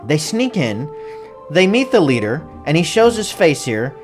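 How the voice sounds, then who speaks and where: Soft music plays behind a reviewer whose medium-pitched, sing-song voice moves a little slowly. The recap is casual and rambling, full of spoilers, jokes, and frequent laughter.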